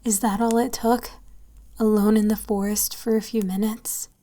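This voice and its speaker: A woman narrating a horror story, often dropping to a hushed whisper. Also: medium pitch, flat delivery, moderate pace. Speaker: story reader.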